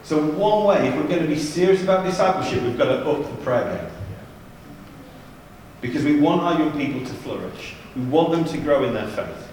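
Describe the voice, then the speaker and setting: A man's voice: a little high, lively intonation, normal speed, a little mellow, a little hiss or hum. A man leading a church youth ministry seminar, telling stories in a chatty, humorous way with asides. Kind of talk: anecdotal church seminar talk. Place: large church hall. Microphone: distant from the mic. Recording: echoey church hall from far off.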